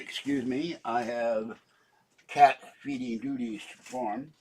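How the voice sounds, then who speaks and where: A kitchen home vlog features a man in his seventies rambling and chatting from subject to subject, bristling when something strikes him as unfair. He speaks at medium pitch and a moderate pace, with fairly even intonation and a darkish tone, over a slight hiss or hum.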